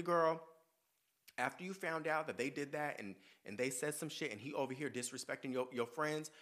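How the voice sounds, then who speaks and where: A man's voice: lowish voice, pushed and bright. A man hosting a podcast, giving blunt, profane advice in a sassy, emphatic way and turning earnest when he talks about himself. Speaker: podcast host. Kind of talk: casual advice chat.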